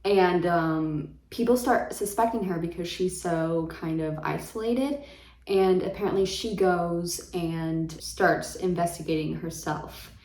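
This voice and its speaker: A woman's voice: fairly low pitch, a little slow, a little mellow. A woman casually chatting about the books she plans to read, rambling a little with frequent ums and likes. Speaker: book vlogger. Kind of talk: casual book chat. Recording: echoey room.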